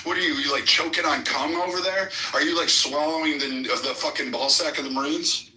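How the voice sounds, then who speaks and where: A man's voice: fairly high pitch, fairly even intonation, fairly quick, pushed and bright, slight background noise. A man taunting and ranting aggressively, full of profanity, in a heated online debate. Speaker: livestream debater. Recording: echoey room, distant mic.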